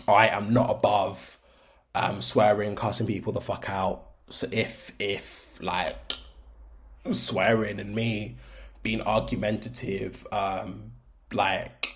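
Low-voiced Brummie man chatting frankly. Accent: Birmingham (Brummie), shifting toward London. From Birmingham, England. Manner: chatty, frank, filler-heavy with ums and likes. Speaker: podcast host. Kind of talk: casual solo monologue.

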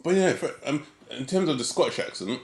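A young man with a London accent, joking around casually on a podcast. His pitch rises and falls a lot, and the room around him sounds echoey. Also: expressive, brisk, creaky. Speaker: podcast co-host. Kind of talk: casual chat.

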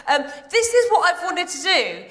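A woman, doing a live stand-up set on a theatre stage, excitable and full of quick asides. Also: very high voice. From Iran. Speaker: stand-up comedian.

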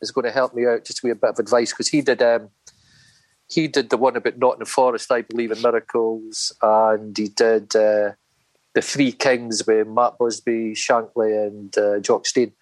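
A man, a podcast guest telling casual anecdotes in an animated way with laughs. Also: lowish voice, normal speed, dry recording, rough recording. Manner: animated anecdotes with acted-out voices, laughing often. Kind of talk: casual storytelling chat.

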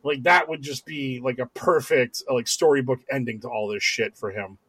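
A man's voice: medium pitch, normal speed, fairly bright tone, husky, no echo. A man co-hosting a podcast, chatting casually in a sarcastic, ranting way, with many fillers and restarts. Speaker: podcast co-host. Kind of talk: casual political banter.

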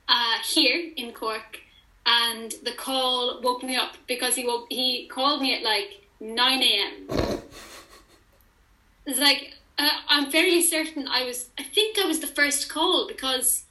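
Bright animated young woman. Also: high-pitched, takes it slowly, roomy sound, low-quality recording. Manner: animated storyteller who acts out quoted dialogue. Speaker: interview guest. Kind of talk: casual chat.

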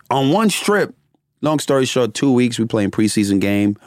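A man's voice: medium pitch, big pitch swings, a little slow, no echo, clean studio sound. A middle-aged man telling his story in casual, profane conversation and laughing often as he talks.

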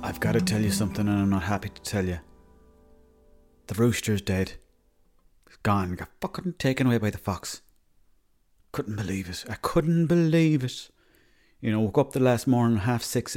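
A man with an Irish accent telling a rambling comic story in a deadpan, matter-of-fact way, stopping and correcting himself as he goes. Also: on the low side, a little fast, soft background music. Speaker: comedy character monologue.

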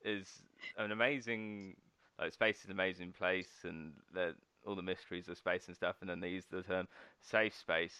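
Laid-back podcast host, lowish voice. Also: male voice, fairly even intonation, moderate pace, pushed and bright, smooth, no echo. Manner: laid-back, joking, laughs a lot. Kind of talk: casual podcast conversation. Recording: slightly dull podcast audio.

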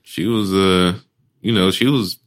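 A man's voice: deep voice, fairly even intonation, measured pace. A man co-hosting a casual movie review podcast, hesitant with many ums and restarts, and swearing casually. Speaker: podcast co-host.

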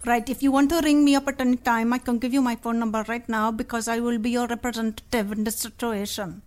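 Prank caller: a woman faking an officious Indian-accented complaints officer, high voice, halting delivery. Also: fairly even intonation, darkish tone, lightly acted. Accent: put-on Indian accent. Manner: stern, bureaucratic, full of hesitations. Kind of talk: prank phone call.

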